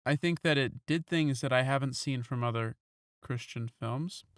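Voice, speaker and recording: A man's voice: medium pitch, moderate pace, no room sound, clean studio sound. A man co-hosting a casual podcast, playful and teasing. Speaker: podcast co-host.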